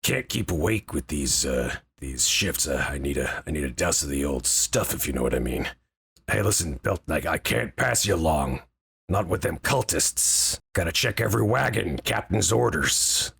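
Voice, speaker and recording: A man voicing a gruff, weary male city guard in a tabletop game, muttering low in a gravelly voice. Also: lively intonation, normal speed, a bit bright, heavily acted.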